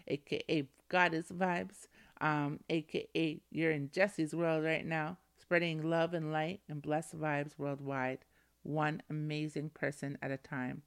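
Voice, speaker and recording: Woman podcast host, smooth clear voice, gushing thank-yous and good vibes. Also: low voice, flat delivery, slow pace. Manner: effusive, affirming, full of thanks and shout-outs. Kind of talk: solo podcast sign-off.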